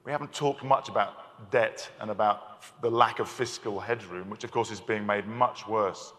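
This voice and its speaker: A man's voice: fairly low pitch, fairly even intonation, normal speed, fairly bright tone. A man moderating a conference panel, articulate but with frequent stammering restarts. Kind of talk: panel discussion. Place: conference hall. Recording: long hall reverb.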